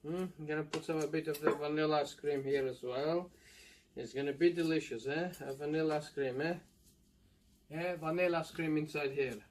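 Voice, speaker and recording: A man's voice: a little high, fairly even intonation, fairly quick, a little hiss or hum. A man with a Portuguese accent hosting a food show, chatting eagerly and ending lines with "eh?". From Madeira, Portugal. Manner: enthusiastic, ends lines with "eh?". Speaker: mukbang co-host. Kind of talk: casual food chat.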